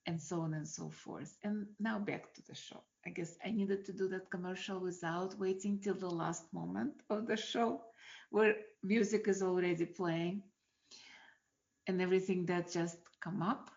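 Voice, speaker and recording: A woman hosting a self-help show, talking reflectively and asking many gentle rhetorical questions. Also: on the low side, fairly even intonation, moderate pace, gravelly, highs cut off.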